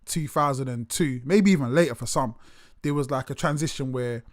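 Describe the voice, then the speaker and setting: A man interviewing in casual chat and telling stories with lively acted-out quotes. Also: mid-range voice, normal speed. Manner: animated storyteller, acts out other voices, swears casually.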